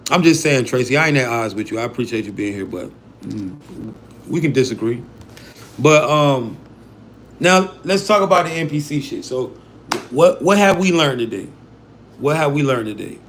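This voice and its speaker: A man's voice: mid-range voice, a little hiss or hum. A man giving a casual, profane live-stream lesson, blunt and slangy, full of rhetorical questions. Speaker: self-styled spiritual teacher on a live stream.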